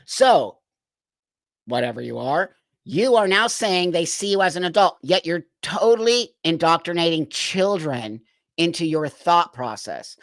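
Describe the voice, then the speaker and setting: A man's voice: a little high, a bit bright, no room sound. Incredulous man ranting on a livestream. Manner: incredulous, exasperated, laughs often. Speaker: livestream host. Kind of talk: livestream reaction commentary.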